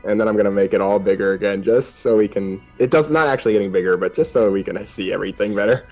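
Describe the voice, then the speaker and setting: A man's voice: lowish voice, quick pace, a little mellow, faint music behind. A man narrating a tabletop role-playing game as game master, describing scenes and often chuckling as he goes.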